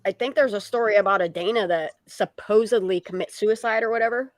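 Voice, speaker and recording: A woman's voice: mid-range voice, brisk, dry recording. A woman hosting a casual livestream, talking bluntly and heatedly and swearing freely. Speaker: livestream host.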